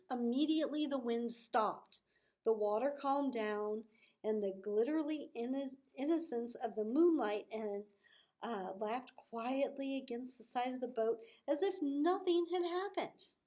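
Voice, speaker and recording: A young woman tells a story to children, drawing it out slowly. Her voice sits a little high and jumps up for the voices she acts out. She drops to a soft hush for the quiet parts. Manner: animated, acts out voices with big swells. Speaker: children's ministry teacher.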